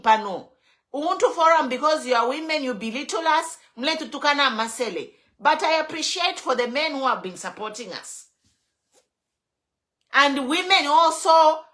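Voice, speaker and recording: Fiery high-voiced Zambian woman. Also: pushed and bright. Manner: fiery, switching between English and Bemba, rhetorical questions. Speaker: online show host. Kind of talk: impassioned political commentary.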